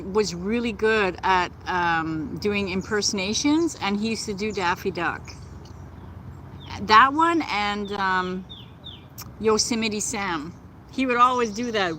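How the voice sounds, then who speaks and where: Slow-talking, chatty woman vlogger outdoors. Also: medium pitch, a little hiss or hum, poor audio. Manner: gentle, chatty, laughs often. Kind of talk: casual live-stream chat. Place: outdoors in nature.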